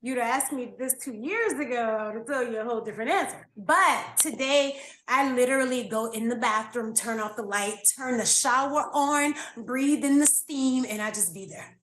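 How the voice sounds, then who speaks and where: A woman speaks as a podcast guest with a bright, higher pitch. She tells stories in an emotional, lively way and laughs easily. Her voice bounces around an echoey room. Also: moderate pace, slight background noise. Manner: animated, emotional storyteller who laughs often. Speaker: yoga teacher and podcast guest. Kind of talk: casual interview conversation.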